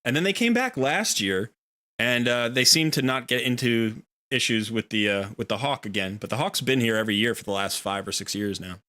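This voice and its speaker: With a mid-range, bright, forceful voice and a slightly quick delivery, this game streamer chats on a relaxed livestream. He's in a room at home near a window, telling a long, wandering story with playful voiced asides.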